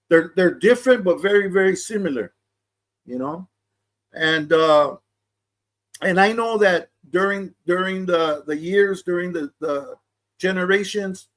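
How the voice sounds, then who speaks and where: A middle-aged man giving casual commentary, in laid-back street talk full of slang and restarts. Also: high voice. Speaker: vlogger reacting to a clip.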